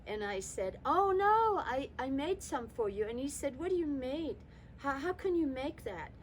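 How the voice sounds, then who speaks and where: Older woman, from Germany, storytelling, fairly high voice, faint background hiss. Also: normal speed, low-quality recording. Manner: lively, voices her father and her child self in quotes. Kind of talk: personal storytelling.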